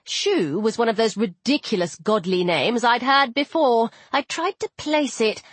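A woman narrating a first-person audiobook in an expressive storytelling voice. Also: fairly high pitch, measured pace, husky, no room sound.

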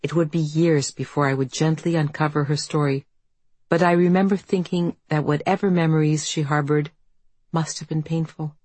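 Low-voiced woman narrating her memoir. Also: fairly even intonation, a little mellow, slightly rough, no room sound. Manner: measured, reflective storytelling. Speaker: author and narrator. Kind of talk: audiobook narration.

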